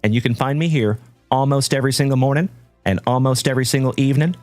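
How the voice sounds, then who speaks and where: A man hosting a live trading-card stream, chatting warmly with viewers and giving shout-outs. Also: mid-range voice, fast, no echo, faint music behind. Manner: hearty, shout-outs full of "my brother" and "my man". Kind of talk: upbeat livestream chat with viewers.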